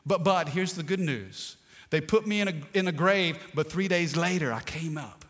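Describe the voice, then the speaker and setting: A man's voice: fairly high pitch, moderate pace, fairly bright tone. A male pastor preaching a sermon, calling out to the congregation and slipping in playful jokes. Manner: preachy call-and-response, playful asides. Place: church sanctuary. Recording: long hall reverb.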